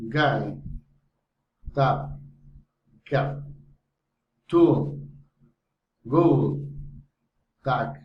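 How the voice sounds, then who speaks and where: A man reading a pronunciation drill aloud, slowly and carefully, word by word. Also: medium pitch, a little hiss or hum. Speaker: phonetics student. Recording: dull echoey room recording.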